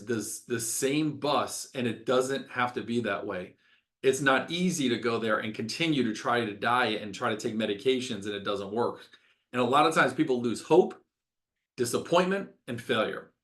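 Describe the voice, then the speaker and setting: A man's voice: mid-range voice, bright, forceful tone. A middle-aged man with a mid-range voice hosts a health webinar as a doctor. He talks with passion, rants openly, and repeats words for emphasis.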